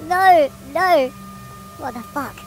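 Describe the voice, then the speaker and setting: A woman's voice: high voice, slow pace. A woman giving let's play commentary while playing a horror game, panicky, swearing constantly and laughing nervously, with game music behind her.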